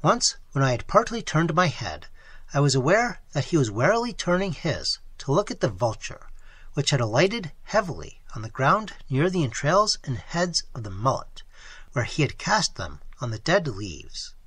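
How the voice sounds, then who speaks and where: An audiobook reader narrating a story with animated delivery, acting out the dialogue and dropping into whispers at times. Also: mid-range voice, moderate pace, breathy edge, no echo. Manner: animated, acts out dialogue with sudden drops to a whisper. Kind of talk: scripted narration.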